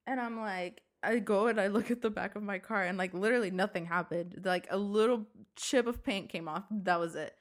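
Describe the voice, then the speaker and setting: A woman's voice: mid-range voice, fairly quick, hardly any pauses. A young woman co-hosting a casual podcast, telling stories animatedly and swearing a lot. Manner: animated storytelling, swears a lot, acts out quotes. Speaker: podcast co-host. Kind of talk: casual chat. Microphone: desk mic.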